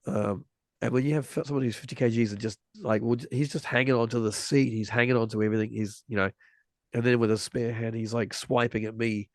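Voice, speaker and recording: A man's voice: medium pitch, fairly even intonation, fairly quick, darkish tone, dry recording. A man in his forties telling a story in casual conversation, rambling with many restarts and vivid retelling. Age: 40s.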